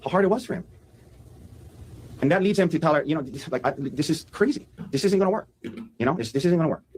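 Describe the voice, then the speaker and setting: A man, a defense attorney, delivering an animated opening statement to a jury and acting out quotes as he goes. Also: on the high side, a little hiss or hum, poor audio. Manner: fast, animated, acts out quotes.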